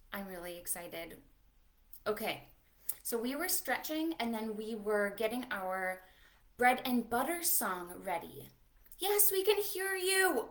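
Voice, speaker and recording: Speaking to small children and a puppet, a young adult children's librarian hosts a preschool storytime over livestream. Her delivery is animated and sing-song, with a mid-range voice.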